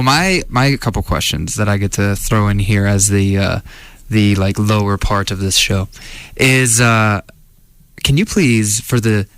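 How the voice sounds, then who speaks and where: A man's voice: lowish voice, fairly bright tone, no echo. Joking young man co-hosting. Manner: joking, teasing, rambling. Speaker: co-host. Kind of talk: casual radio interview. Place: student radio studio.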